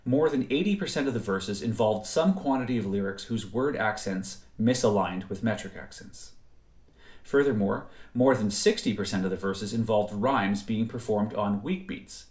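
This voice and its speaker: Male lecturer, measured scripted narration, deeper voice, roomy reverb. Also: a little mellow. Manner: measured, precise explanatory delivery. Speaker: music theory lecturer. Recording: roomy echo.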